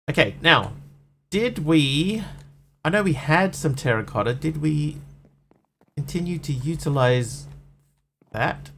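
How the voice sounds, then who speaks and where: A man's voice: on the high side, animated, takes it slowly, pauses often, fairly bright tone, a little hiss or hum. A man chatting casually and rambling on a live stream while he plays a game, joking at his own expense. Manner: chatty, rambling, self-mocking.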